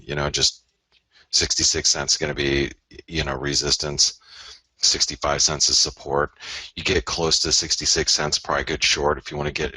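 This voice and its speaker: A man with a very low voice talks through live market charts, chatty and loose, and he keeps addressing his viewers. His tone is forceful and bright. The recording is dry and close, with no room sound. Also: no echo. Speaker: forex webinar host. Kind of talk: casual live market analysis.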